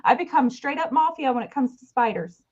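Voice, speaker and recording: A woman's voice: sits high, a little fast, breathy edge. A woman co-hosting a casual chat show, telling stories with jokes. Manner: animated storyteller, joking. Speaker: co-host. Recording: dull lo-fi sound.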